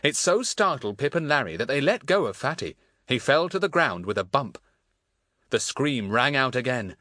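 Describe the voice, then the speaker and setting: A man narrating a children's audiobook in a measured, storytelling manner. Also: medium pitch, no room sound, clean studio sound. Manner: measured storytelling with lively intonation. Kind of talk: scripted narration of a children's book.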